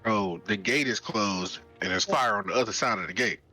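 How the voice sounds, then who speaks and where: A man's voice: lowish voice, normal speed, bright, forceful tone, slightly rough. A man playing in an online tabletop game, talking casually and thinking aloud as he plans his moves. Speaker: player. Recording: dull lo-fi voice chat with faint music.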